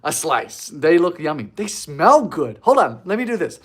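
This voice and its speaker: A man's voice: a little high, big pitch swings, normal speed, fairly bright tone, slightly rough. A man hosting a baking livestream in a home kitchen, chatting casually in a goofy, giggly way while reading out viewer comments.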